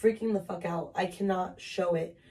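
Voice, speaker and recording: A woman's voice: on the low side, steady tone, normal speed, dark tone, recorded from a distance. A young woman co-hosting a podcast in casual chat, talking frankly with lots of filler words and some swearing. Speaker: podcast co-host. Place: bedroom with tripod. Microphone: camera on tripod.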